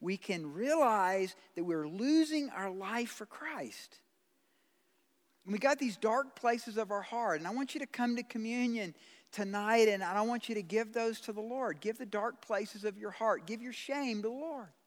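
A man preaching a sermon as pastor, blunt and conversational, swinging from loud pleading to quiet. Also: high-pitched, unhurried. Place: church sanctuary. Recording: long hall reverb.

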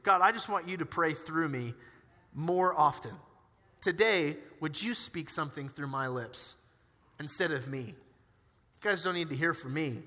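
A young man preaching a sermon in a casual, animated way, telling personal stories and acting out their dialogue. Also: on the high side. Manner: animated, conversational, acts out dialogue in his stories. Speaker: pastor. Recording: reverberant church hall.

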